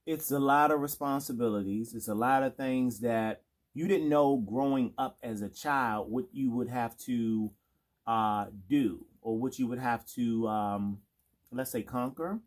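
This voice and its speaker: A man's voice: medium pitch, a little slow. A man co-hosting a casual chat over a meal, chatty and eager as he talks to the audience. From Washington, D.C. area. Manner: chatty and enthusiastic, leaning into the audience. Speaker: podcast co-host.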